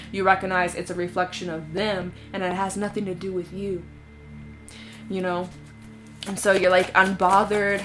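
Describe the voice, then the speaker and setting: A woman giving a casual tarot reading, chatty and frank, swearing freely and using lots of fillers. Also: fairly low pitch. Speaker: tarot reader.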